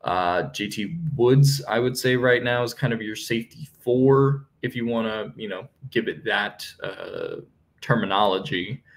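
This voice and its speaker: A young man with a lowish voice hosts a solo sports podcast. He talks through team news in a loose, conversational way, full of fillers and self-corrections. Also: sing-song, unhurried. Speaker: podcast host.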